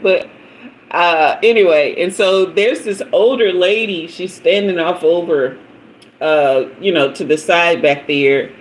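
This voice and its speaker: A woman's voice: fairly low pitch, measured pace, slight background noise, poor audio. Chatty middle-aged woman, laughing. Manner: chatty storyteller, laughs often, greets commenters by name. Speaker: tarot reader hosting a livestream. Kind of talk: casual live-stream chat.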